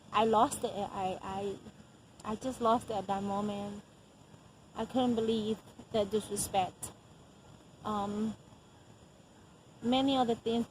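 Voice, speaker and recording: A middle-aged woman telling a personal faith testimony as a mother, earnest and unhurried, often pausing with soft laughs. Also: fairly high pitch, slight background noise, poor audio. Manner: earnest, frequent soft laughs and hesitant "um" pauses.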